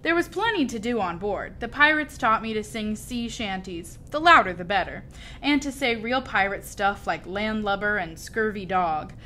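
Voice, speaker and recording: A woman reading a children's story aloud with expressive, lively storytelling. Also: mid-range voice, moderate pace, a little hiss or hum. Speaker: storybook reader.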